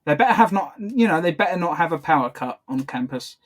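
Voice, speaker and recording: A man's voice: fairly high pitch, expressive, quick pace. A man co-hosting a podcast, talking casually over a video call and often stopping to correct himself. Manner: chatty, self-correcting, laughs often. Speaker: podcast co-host. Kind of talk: casual commentary chat.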